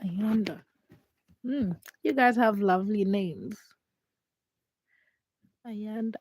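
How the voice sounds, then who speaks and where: Young woman livestream host, hoarse and congested, chatty and teasing, begging viewers to comment; dry close sound. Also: slow pace, darkish tone, no room sound. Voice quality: deep, froggy voice. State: hoarse, stuffed nose from a chest infection. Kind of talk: late-night casual livestream chat. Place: her home at night.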